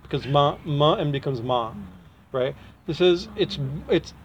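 A man gives a loose, conversational spiritual talk, his voice sitting a little on the high side. He trips over his words, restarts often and laughs softly between points. A faint hum of room noise sits behind him. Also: animated, measured pace. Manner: chatty, frequent restarts and chuckles. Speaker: spiritual teacher. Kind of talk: casual devotional talk.

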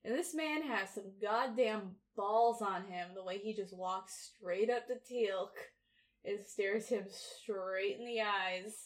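A woman co-hosting a podcast in casual chat, laughing often and talking with animated, swearing energy. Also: mid-range voice, slow pace. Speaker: podcast co-host. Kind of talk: casual chat reviewing a TV episode.

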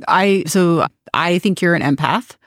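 A woman speaking casually, relaxed, as a host and medium. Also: lowish voice, unhurried, no room sound, clean studio sound. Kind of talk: casual conversation.

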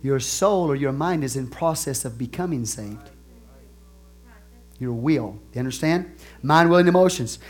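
A man preaching a sermon as pastor, animated, swinging between soft asides and loud exclamations, stretching key phrases slowly. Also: mid-range voice. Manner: laughs and asks the congregation questions.

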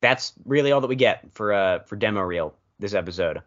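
A man's voice: fairly low pitch, animated, fairly quick, a bit bright. Rambling wry man, lo-fi sound. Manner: rambling, filler-heavy, wry. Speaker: podcast co-host. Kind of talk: casual chat.

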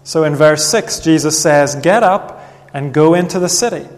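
A man preaching a sermon in an earnest, measured way, reading Bible passages aloud. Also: a little high. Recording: long reverb of a hall.

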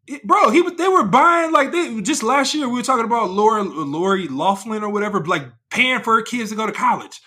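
A man talking casually with a friend, his voice high and swinging widely in pitch. The tone is bright with a slightly husky edge, and he rambles loosely through his points. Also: a little fast, few pauses. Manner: rambling, animated, heavy use of "like" and "bro". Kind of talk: casual chat.

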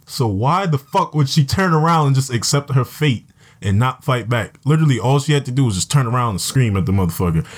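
A man's voice: mid-range voice, animated, fairly quick. A man hosting a casual podcast, recapping a TV episode in a laid-back, profanity-filled storytelling way.

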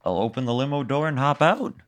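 A man playing in a comedic tabletop game who answers in terse, deadpan replies. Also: medium pitch, a little fast, no echo. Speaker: player. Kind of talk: improvised comedic game play.

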